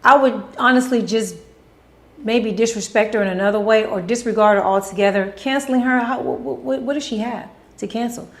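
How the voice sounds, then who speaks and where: A woman's voice: on the high side, normal speed. A woman hosting a casual Q&A vlog, answering questions bluntly, with strong opinions and profanity. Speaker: host answering viewer questions.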